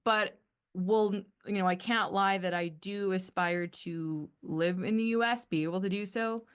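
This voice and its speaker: A woman's voice: medium pitch, unhurried, clear, resonant tone. Chatty Canadian woman podcast host. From Canada, northern Alberta. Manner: rambling, self-correcting, chatty. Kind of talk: casual solo monologue.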